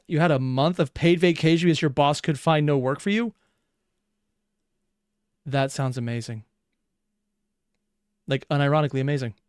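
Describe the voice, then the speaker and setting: Dude reacting to a video, chatty and excitable, swears a bunch, slightly high voice, super dry close sound. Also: male voice, no echo. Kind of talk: casual reaction commentary.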